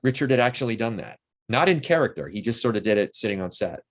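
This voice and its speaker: Man in his sixties, interview guest, animated storyteller, mid-pitched voice, acts out quotes. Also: fast talker. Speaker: interview guest, actor and playwright. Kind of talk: casual interview chat.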